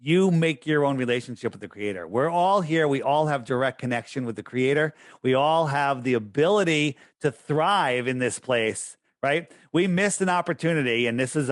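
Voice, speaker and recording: A man's voice: mid-range voice, no echo. A man talking as a guest on a podcast, rambling and losing his train of thought, then pressing his points in an emphatic, preachy way. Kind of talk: casual interview talk.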